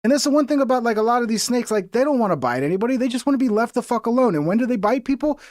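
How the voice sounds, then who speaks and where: A man's voice: extremely high pitch, lively intonation, racing, darkish tone, no echo, clean studio sound. A man streaming a reaction to a video, talking casually with a profane, exasperated and rambling manner.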